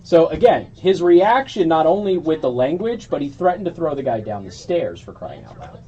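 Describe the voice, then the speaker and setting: A man's voice: on the high side, big pitch swings, moderate pace, mellow, lo-fi sound. A man hosting a talk radio show, reading a news story aloud and adding his own blunt asides. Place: radio studio.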